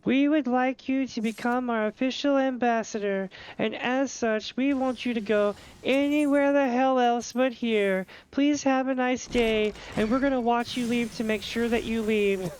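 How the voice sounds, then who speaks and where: A man doing a lofty falsetto elder woman. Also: steady tone, unhurried, few pauses, a little hiss or hum, rough recording. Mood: mock-gracious. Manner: sing-song falsetto, mock-gracious. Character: lofty female elder leader, politely dismissive.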